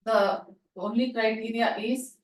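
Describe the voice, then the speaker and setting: A woman's voice: on the high side, fairly even intonation, measured pace. A woman, a student asking the teacher a thoughtful question. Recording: roomy, far from mic.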